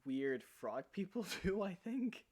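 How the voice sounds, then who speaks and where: A man's voice: high-pitched, big pitch swings, slow, a little mellow. A man co-hosting a casual stream chat, rambling and correcting himself, laughing mid-sentence. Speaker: co-host.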